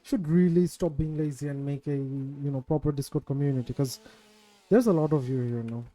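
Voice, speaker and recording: A man chats casually with viewers on his game stream, rambling, poking fun at himself, and swearing whenever something goes wrong. His voice is fairly high and warm, and he talks fairly quickly.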